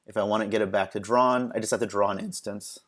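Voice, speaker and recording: A man presenting a screen-recorded software tutorial, talking casually and haltingly with many ums and restarts. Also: lowish voice, steady tone.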